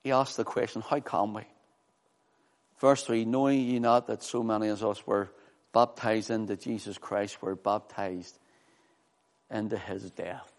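A man's voice: fairly even intonation, a little slow, long pauses. Fervent male preacher in a reverberant hall. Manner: fervent, rises loud and high then drops low for scripture reading. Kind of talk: sermon.

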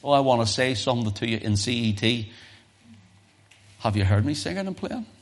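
A man preaching a sermon at a church service, moving between loud emphasis and soft low asides, often repeating and restarting his phrases. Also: animated, fairly quick, a little hiss or hum. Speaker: pastor.

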